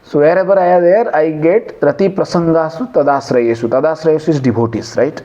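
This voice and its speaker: A man's voice: a little high, a little fast, mellow, dull audio. A man giving a devotional scripture class in a conversational way, quizzing listeners and chanting Sanskrit verses. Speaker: lecturer on scripture.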